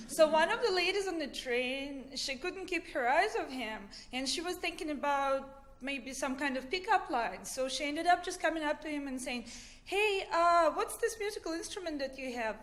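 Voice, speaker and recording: A woman telling wry true stories on a comedy stage and acting out the people in them. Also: high-pitched. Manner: wry, acts out the people in her anecdotes. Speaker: storyteller. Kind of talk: live storytelling on stage.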